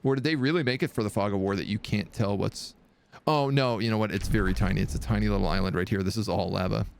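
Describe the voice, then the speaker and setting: A man's voice: lowish voice, fast, creaky, a little hiss or hum. A man streaming a strategy game live, chatting and rambling through stories with frequent laughter. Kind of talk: live gameplay commentary and storytelling.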